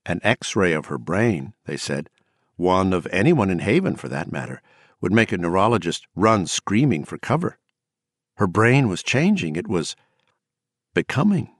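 A man narrating an audiobook in a measured, dramatic storytelling manner. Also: low voice, no echo, studio quality. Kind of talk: scripted narration.

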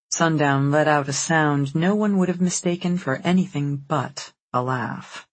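An audiobook narrator reading a novel in an even, unhurried storytelling manner. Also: mid-range voice, no room sound. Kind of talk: scripted narration.

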